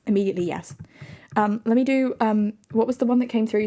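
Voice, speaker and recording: A woman's voice: fairly high pitch, fairly quick, mellow. A woman streamer in casual livestream chat, playful, laughing often and answering her viewers.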